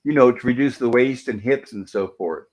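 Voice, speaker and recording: A man's voice: mid-range voice, normal speed, a little mellow, close to an everyday voice, rough recording. A man reading a glamorous actress's lines. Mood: coaxing. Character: glamorous actress coaching exercises.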